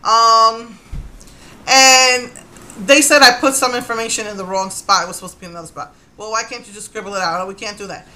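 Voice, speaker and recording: A woman in her thirties telling a chatty story in a casual vlog, animated and laughing often. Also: fairly high pitch, fairly quick. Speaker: vlogger.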